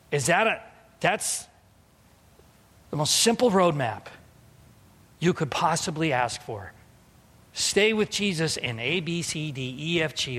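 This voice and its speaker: A man in his thirties preaching a sermon, telling personal stories and moving between quiet reflective passages and loud, emphatic calls to his listeners. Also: mid-range voice, breathy edge. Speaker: pastor. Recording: long hall reverb.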